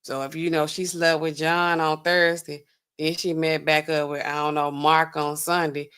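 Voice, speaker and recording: A woman's voice: low voice, flat delivery, moderate pace, a bit bright, clear, resonant tone. A middle-aged woman hosting a pharmacy livestream, chatting casually with her viewers and carefully sounding out drug names.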